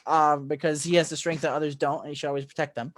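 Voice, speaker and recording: A man co-hosting a podcast, recapping a film in casual chat, excitable and rambling with lots of fillers and restarts. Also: fairly high pitch, fast talker. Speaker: podcast co-host.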